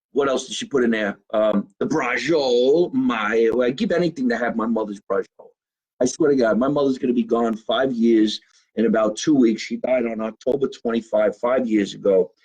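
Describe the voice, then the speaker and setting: A man's voice: medium pitch, a little mellow, breathy edge, rough recording. A middle-aged man, a comedian hosting his own live show from a home basement, talking casually, swearing, and plugging his channels. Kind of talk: casual live-stream monologue.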